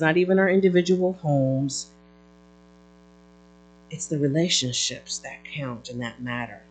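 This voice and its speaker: A pastor preaching a sermon in an animated way, calling out to the congregation and often repeating words and restarting mid-phrase. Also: mid-range voice, poor audio.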